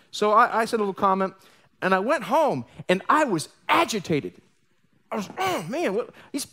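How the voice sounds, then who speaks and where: Animated pastor preaching a live sermon. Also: male voice, fairly high pitch. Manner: animated storytelling with joking asides and acted quotes. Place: church sanctuary.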